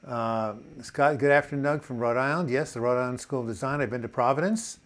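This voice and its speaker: An older man from New York City, with a New York accent, hosts a casual live chat, reading viewer comments aloud and cracking corny jokes. His voice is medium-pitched and a little fast.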